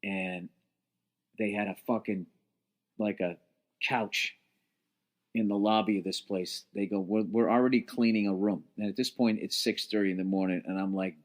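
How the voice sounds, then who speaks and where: A man's voice: lowish voice, fairly even intonation, normal speed. Guy on his podcast ranting a long story, swears a ton, tired and fed up. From United States. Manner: profane, rambling, exasperated storytelling. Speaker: podcast host. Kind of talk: casual storytelling monologue. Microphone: podcast mic at a laptop.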